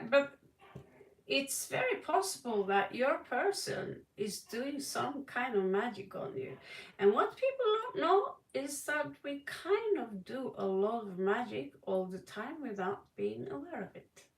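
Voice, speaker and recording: A woman with a Norwegian accent giving a tarot reading on a livestream, talking dramatically with sudden loud stresses. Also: on the high side, very animated, measured pace, distant mic. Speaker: tarot reader. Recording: echoey room, voice a bit off-mic.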